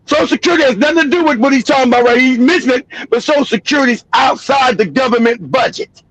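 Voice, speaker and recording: A man's voice: very high voice, fast talker, fairly bright tone, no room sound, poor audio. A middle-aged man giving heated, profane commentary on a livestream, swearing freely and laughing at his own jokes.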